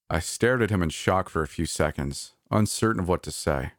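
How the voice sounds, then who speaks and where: Deep-voiced man narrating a story. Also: normal speed, hardly any pauses, no echo, clean studio sound. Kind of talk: first-person horror story narration.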